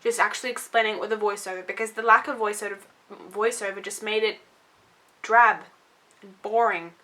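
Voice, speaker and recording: A woman's voice: medium pitch, fairly even intonation, brisk, bright, forceful tone. A young woman reviewing a video game in a vlog, gushing and blunt, swearing casually.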